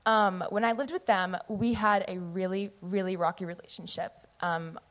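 A young woman in her late teens from the US Pacific Northwest, giving an earnest, animated personal testimony into a church microphone. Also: mid-range voice, moderate pace. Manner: earnest, animated, acts out her past self in quotes. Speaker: youth member giving testimony. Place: church sanctuary. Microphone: microphone at a pulpit or stage.

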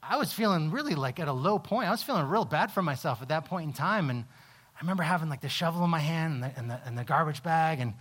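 Man, pastor, sermon, personal story, slightly high voice, halting restarts. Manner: animated storytelling, halting restarts, drops low and quiet when reflective.

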